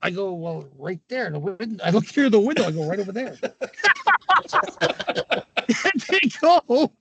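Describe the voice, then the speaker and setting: A middle-aged man from Canada, a former hockey player, telling stories in an interview, with a raspy voice, laughing often and swearing freely. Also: sits high, very animated, a little slow, heavy background noise. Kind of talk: casual storytelling interview.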